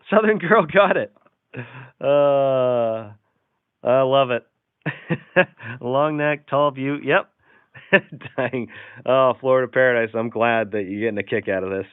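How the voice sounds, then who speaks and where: A man's voice: mid-range voice, clear, resonant tone, dry recording. A man hosting a casual live stream, reading out silly jokes and viewer comments with frequent chuckles. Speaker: livestream host. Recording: tinny, phone-like sound.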